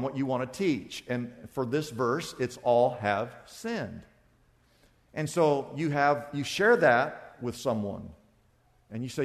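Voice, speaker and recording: A male pastor preaching a sermon, acting out back-and-forth dialogues in a lively, conversational way. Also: mid-range voice, big-room sound.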